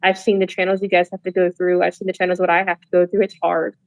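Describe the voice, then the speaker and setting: A woman's voice: on the low side, monotone, fast, no room sound, low-quality recording. Young woman on a podcast, earnest and rambly, lotta "like"s, dry close mic. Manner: earnest, repetitive, with restarts and "like" fillers. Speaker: podcast guest. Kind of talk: candid conversational advice.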